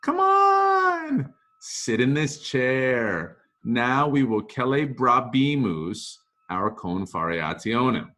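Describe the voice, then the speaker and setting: A man voicing a groom who coaxes and reassures his upset bride, raising his voice above his normal pitch. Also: huge pitch swings, slow, sharp tone, heavily acted. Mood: coaxing. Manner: coaxing, reassuring.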